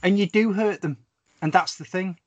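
A man in casual podcast chat, telling stories animatedly with lots of swearing and swooping pitch. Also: normal speed, no room sound, dull audio. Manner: animated, sweary storyteller with big pitch swings. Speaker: podcast guest or co-host.

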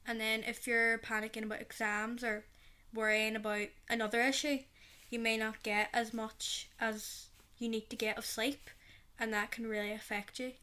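Bright-voiced teen girl. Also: a little high, little pitch movement, normal speed. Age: 13, teenager. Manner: earnest, explains in long run-on sentences. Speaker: youth podcast co-host. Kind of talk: casual chat.

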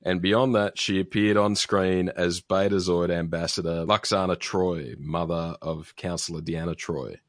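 A man's voice: deep voice, fairly even intonation, measured pace, hardly any pauses, no room sound, studio quality. A man co-hosting a podcast, chatting casually and reading out a listener's email, with many ums and restarts. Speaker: podcast co-host.

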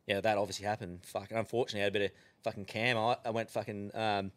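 A man's voice: lowish voice, very fast. A man with an Australian accent, a podcast guest telling casual stories full of swearing. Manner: profane, animated yarn-spinning with frequent swearing. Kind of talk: casual storytelling.

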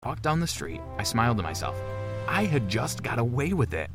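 A man narrating a first-person story in a measured, plain storytelling manner. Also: mid-range voice, very animated. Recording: music bed underneath.

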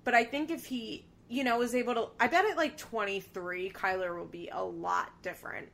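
A woman's voice: medium pitch, steady tone, moderate pace, gravelly, a bit bright. A woman co-hosting a podcast in casual chat, talking loosely with frequent fillers and laughing often. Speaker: podcast co-host. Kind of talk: casual chat recapping a reality show.

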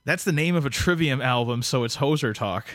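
In a clean studio recording without room sound, a man with a medium-pitched, slightly bright voice and lively intonation talks fairly quickly. He hosts a podcast, chatting jokily with a guest in a rambling way full of fillers and restarts.

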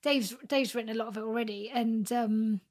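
Woman songwriter chatting, kinda high voice, lots of ums and restarts. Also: steady tone, fairly quick, darkish tone. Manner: hesitant, lots of fillers and restarts. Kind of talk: casual chat.

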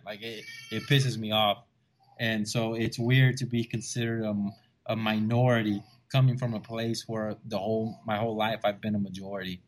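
A young man from South Texas with a Texan accent, co-hosting a casual podcast and telling lively stories with frequent laughs and restarts. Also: mid-range voice, moderate pace, a little hiss or hum. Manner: animated storyteller, laughs often, many restarts. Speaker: podcast co-host.

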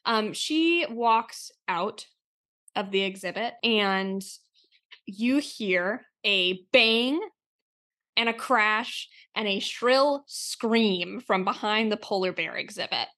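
A woman's voice: mid-range voice, slow, sharp tone. A woman running a tabletop role-play as game master, narrating with lots of fillers.

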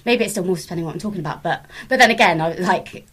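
A woman from England, a podcast guest, talking casually in a halting way full of fillers. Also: on the low side, fairly bright tone, breathy edge. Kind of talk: casual conversation.

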